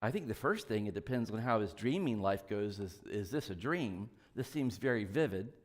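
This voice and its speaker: A man's voice: on the low side, expressive, moderate pace, in a large hall. A man preaching a sermon in a casual, conversational way, full of asides and small jokes. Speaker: pastor. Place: church sanctuary.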